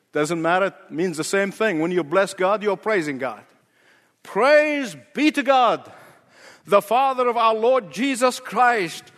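A man's voice: sits high, fairly bright tone, in a large hall. A male pastor preaching a sermon with an emphatic, repetitive cadence.

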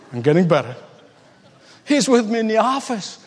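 A man preaching a sermon as a pastor, impassioned, swinging between loud high bursts and hushed asides. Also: breathy edge, long reverb tail.

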